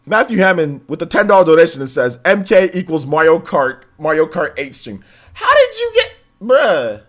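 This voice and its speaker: A man's voice: on the high side, huge pitch swings, normal speed, a bit bright. A young man hosting a livestream in casual chat, reading donations with laid-back slangy banter and frequent laughter. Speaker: livestream host.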